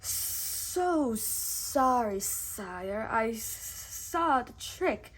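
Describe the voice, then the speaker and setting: A fawning, sly male snake flatters his master and frets over his mistakes, as a woman puts him on while reading a storybook. His manner is eager and nervous. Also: fairly high pitch, very slow, slight background noise.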